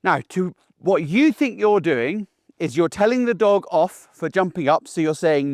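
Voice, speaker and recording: A man's voice: high voice, lively intonation, unhurried, a little mellow, no room sound, studio quality. A middle-aged man, a dog trainer, giving an instructional talk to camera in an assertive, down-to-earth way, often checking in with "okay?". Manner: plain-spoken, assertive, down-to-earth.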